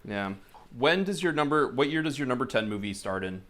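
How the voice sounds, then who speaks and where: A man's voice: mid-range voice, animated, fairly quick, fairly bright tone. A man co-hosting a movie podcast in casual, rambling chat and laughing often. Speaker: podcast co-host. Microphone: headphones, home podcast setup.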